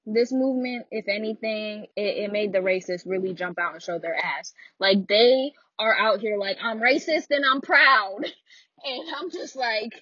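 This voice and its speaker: A woman's voice: medium pitch, normal speed, dry recording, dull audio. A young woman, speaking bluntly and frankly about her own life, often laughing. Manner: blunt, frank and animated, with frequent laughs and asides. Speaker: speaker sharing personal story. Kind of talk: candid personal monologue.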